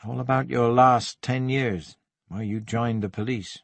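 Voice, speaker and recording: A male narrator voicing a gentle, soft-spoken theatre man with a wry, evasive manner, in an audiobook. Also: mid-range voice, fairly even intonation, unhurried, vocal fry, dry recording. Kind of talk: audiobook character voice.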